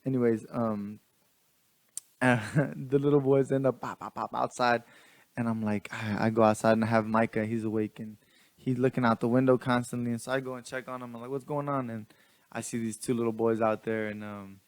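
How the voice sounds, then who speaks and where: Rich: A man recounts a neighborhood story in a loose, slangy way, circling back and restarting his sentences. His pitch sits in a middle range, and the recording is dry and close, with no room sound. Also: fairly even intonation, normal speed, no room sound. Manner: rambling, many restarts, laughs often. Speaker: vlogger. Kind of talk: casual storytelling.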